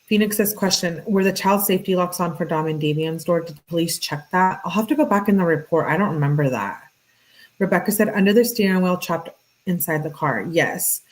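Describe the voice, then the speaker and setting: A woman with a slightly low voice reads through a string of text messages, pausing to react in an exasperated, offhand way. She answers viewers' questions as she goes, keeping things conversational. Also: rough recording. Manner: casual, reacts to live chat comments; exasperated asides between read messages. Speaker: true crime commentator. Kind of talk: reading text messages aloud with commentary.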